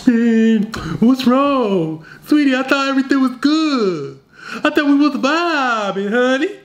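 A man voicing a whiny, clingy young boyfriend who pleads in a high, fretful voice. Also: animated, measured pace. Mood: pleading.

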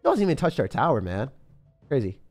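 Young male streamer, animated swings in pitch, excitable play-by-play with faint music behind. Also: fairly quick. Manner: excitable, talks to himself while playing, sudden yelps. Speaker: game streamer. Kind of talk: live gameplay commentary.

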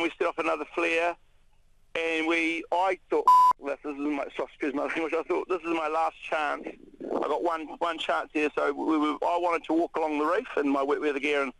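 A New Zealand man, a radio interview guest, recounting an ordeal in a halting way with many restarts. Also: a little high, creaky, no echo, rough recording. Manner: halting, many restarts, animated when retelling shouts.

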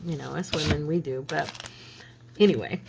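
This craft channel host has a deep, creaky voice and speaks at a moderate pace, with noise in the background. Sitting at her home craft table, she chats and wanders through a story while she works.

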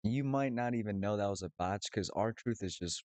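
A man's voice: lowish voice, moderate pace, darkish tone, dry recording. A man hosting a reaction video, laughing often, exclaiming and swearing as he comments on clips.

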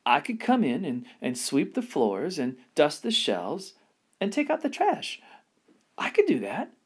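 A man's voice: a little high, huge pitch swings, a little mellow, breathy edge, pitched above the performer's own voice, full character voice. A man putting on an earnest, eager young girl. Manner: pleading, talks fast and sincerely.

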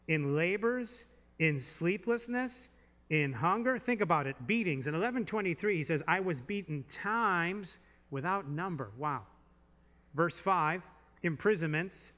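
Male pastor, bright and slightly high, conversational sermon delivery, long church reverb. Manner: conversational preaching with rhetorical questions. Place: church sanctuary.

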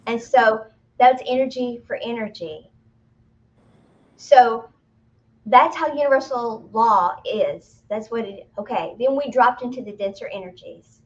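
A woman co-hosting a spiritual talk show, explaining her teachings in a casual, animated way with playful exclamations. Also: on the high side, a little slow. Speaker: spiritual medium co-host. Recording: muffled lo-fi audio.

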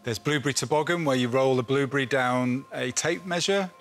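A man's voice: medium pitch, fairly quick, fairly bright tone. A male game show contestant cheerfully explaining a hobby in a chatty way. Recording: music under the voice.

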